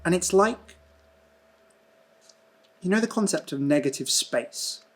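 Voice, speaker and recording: A man narrating a tabletop role-playing game as game master, in slow, hushed, dreamy descriptions. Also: sits high, animated.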